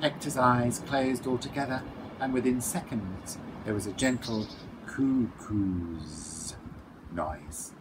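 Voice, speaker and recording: Author reading a kids' book aloud, playful lively storyteller. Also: male voice, mid-range voice, slow pace, noisy background.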